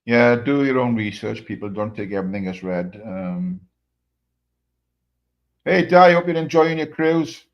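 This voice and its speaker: A man's voice: medium pitch, expressive, unhurried, long pauses. Sweary man hosting a stream on a dull mic. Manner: sweary, chatty, talks straight to viewers. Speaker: stream host. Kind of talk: casual live stream chat.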